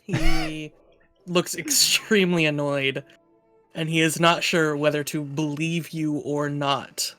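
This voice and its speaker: A man running a tabletop game as game master, narrating slowly with halting pauses. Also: a little high, fairly even intonation, pushed and bright, faint music behind.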